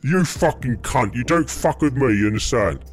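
A man's voice: mid-range voice, lively intonation, moderate pace, husky, faint music behind. A man putting on an English gangster. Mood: aggressive. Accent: put-on English. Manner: aggressive, swearing, taunting. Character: foul-mouthed English tough-guy gangster, adult man. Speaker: mystery gangster prank caller.

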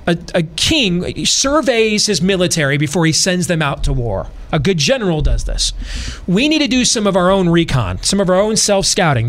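High-voiced man talking animatedly on a podcast. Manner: animated, sports and war analogies, repeats phrases. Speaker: podcast host. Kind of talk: casual podcast talk.

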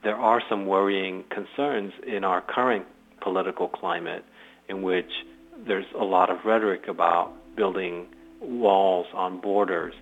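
A man speaking as an expert guest in an interview, measured and academic, pausing often. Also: low voice, creaky. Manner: measured, academic, with pauses and fillers. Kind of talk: interview commentary. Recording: tinny phone-line audio.

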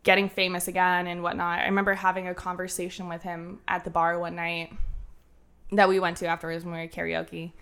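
A woman in her thirties from Ohio, telling a story as a guest, animated and laughing, with casual cursing. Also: lowish voice, brisk, clean tone. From Ohio, USA.

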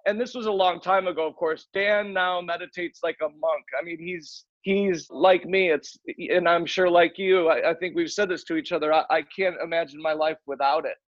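Higher-voiced man, casual rambling chat. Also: fairly even intonation, normal speed, few pauses, dry recording, muffled recording. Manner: loose and rambling, with frequent restarts and casual swearing. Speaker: podcast guest, musician.

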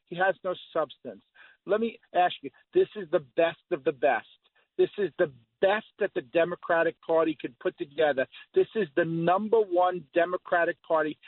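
A middle-aged man rants emphatically down a tinny, phone-like line. His voice sits a little high for a man, and he drives his points home by repeating them. He is a caller on a talk radio show. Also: dry recording. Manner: emphatic, repetitive ranting. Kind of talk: call-in radio opinion.

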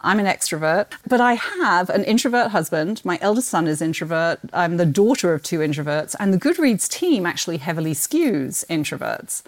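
British lady w a bit of aussie twang, lowish voice, chatty and excited, laughs a lot. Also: moderate pace, hardly any pauses. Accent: British with an Australian twang. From Britain. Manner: enthusiastic storyteller, laughs often. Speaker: guest, book marketing executive. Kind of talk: casual podcast conversation.

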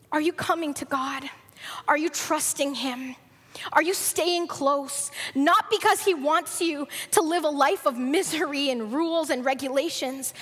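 A woman with a high voice preaches to her congregation with earnest storytelling and lets her voice climb for the characters. Her words carry a long reverb, as if spoken in a large church hall. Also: fairly bright tone. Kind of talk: sermon storytelling.

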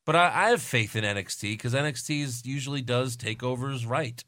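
A man co-hosting a podcast, chatting casually and with strong opinions, full of fillers and quick bursts. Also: medium pitch, pushed and bright, no echo, studio quality. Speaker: podcast co-host. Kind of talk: casual wrestling chat.

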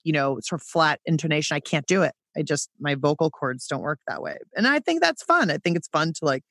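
A woman podcast host talking casually with lots of fillers and restarts, her intonation lively and all over the place. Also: deep voice, fairly quick, dry recording, clean studio sound. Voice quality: very lively intonation, wide dynamic range. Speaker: podcast host and voice coach, guest. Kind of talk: casual conversation.

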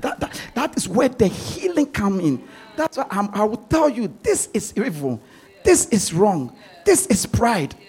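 Husky, animated preaching man. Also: high voice. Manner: emphatic, repeats words while pressing a point. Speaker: pastor. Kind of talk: sermon.

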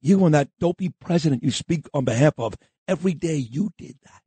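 Talk radio host, male, husky, animated delivery, combative and insulting. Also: on the high side, brisk, no room sound. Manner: combative, insulting, repeats himself, shouts down opponents. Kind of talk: opinionated talk radio monologue.

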